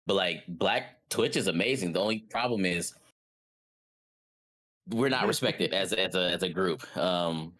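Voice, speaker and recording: A man co-hosting a casual podcast chat, laid-back and measured as he gives his view. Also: low voice, fairly bright tone. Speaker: podcast co-host.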